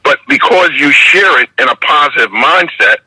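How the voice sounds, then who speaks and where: An older man with a New York accent, talking in a measured, reflective way during an interview and often checking in with "you understand?". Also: mid-range voice, lively intonation, sharp tone, breathy edge, no room sound, low-quality recording. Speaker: guest, basketball referee mentor.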